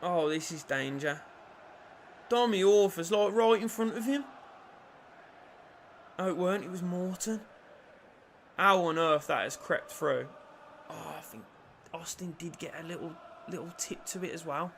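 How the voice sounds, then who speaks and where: A young man commentating his own football video game, swinging from low mutters to loud shouts and cheeky jokes. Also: measured pace, long pauses, slight background noise. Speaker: gaming YouTuber.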